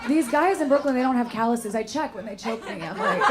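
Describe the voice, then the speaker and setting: A young woman with a raspy, high voice tears through a brash, bawdy stand-up set. Behind her a packed room roars with laughter and loud noise. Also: lively intonation, brisk. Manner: brash, bawdy, self-mocking. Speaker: stand-up comedian. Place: comedy club stage. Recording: loud crowd and noise in a club. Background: crowd laughing.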